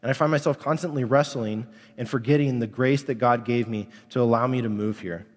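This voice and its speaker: A man's voice: mid-range voice, fairly even intonation, brisk, big-room sound. A man in his thirties, a pastor, preaching a candid, conversational sermon.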